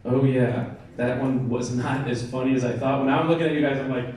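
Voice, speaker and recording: An American man does a stand-up set at a bar comedy night, chatting with and teasing the audience. His voice is medium-pitched, steady, brisk and slightly mellow. The recording comes from a distant mic in an echoey room, with the crowd laughing.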